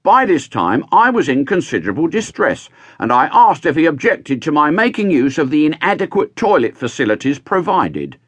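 A man's voice: fairly high pitch, very animated, moderate pace, few pauses, fairly bright tone, slightly rough, no echo, pitched above the performer's own voice, exaggerated voice. A man doing a prim, fussy complainer. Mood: aggrieved. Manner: formal, fussy, precise wording. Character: prim, pedantic aggrieved man recounting arrest.

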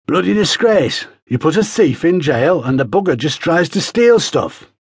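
A gruff, grey-haired jail guard , as a male narrator puts him on, speaks curtly in a slightly raised, husky voice. The recording is dry and close-miked. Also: a little high, sing-song, normal speed, no echo, pitched above the performer's own voice, full character voice. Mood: mocking.

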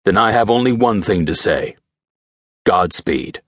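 A male narrator voicing a gruff, stern older army general who barks his orders. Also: on the low side, animated, unhurried, a bit bright, no echo. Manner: barking, stern.

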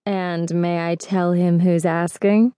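A woman voicing a friendly female shop clerk in an audiobook, speaking slowly in a drawn-out, sing-song way. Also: on the low side, level tone, mellow, smooth, dry recording, clean studio sound. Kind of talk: audiobook character voice.

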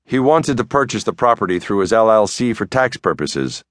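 A man voicing a brisk, smooth-talking female lawyer, cool and increasingly impatient. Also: fairly low pitch, very animated, dry recording, clean studio sound, voice pushed up. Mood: curt. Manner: smooth, curt, grows impatient. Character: brisk, slippery woman lawyer, middle-aged.

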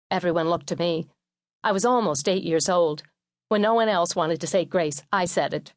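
Woman memoir narrator, measured and wry, low voice, dry studio sound. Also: no echo. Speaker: audiobook narrator.

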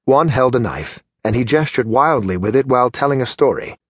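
A man's voice: mid-range voice, slightly rough, no room sound. Man narrating a fantasy audiobook, dry voice. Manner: measured, steady storytelling. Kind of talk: scripted narration.

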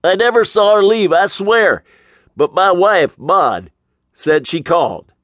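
A man voicing a nervous, jumpy motel manager in a high, anxious, whining voice. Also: animated, normal speed, dry recording, lightly acted.

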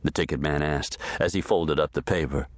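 Low-voiced male audiobook reader, measured western narration, dry close-mic sound. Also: steady tone, dry recording. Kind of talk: scripted narration of a western novel.

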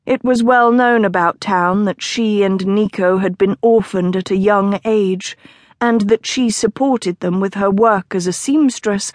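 A woman narrating a historical romance audiobook in a measured storytelling delivery. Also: medium pitch, no room sound, clean studio sound. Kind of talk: scripted narration.

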